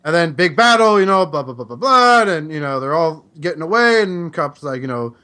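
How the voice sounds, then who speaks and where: Male podcast co-host; excitable and bright, joking, profane. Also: on the high side, a little fast, few pauses. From Kansas. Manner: animated, laughing, profane. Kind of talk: casual podcast chat.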